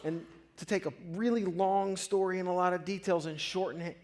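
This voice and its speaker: A pastor preaches a sermon, sharing a personal story with earnest honesty and growing louder as his emotions build. His voice is high, fairly even in intonation, and fairly quick.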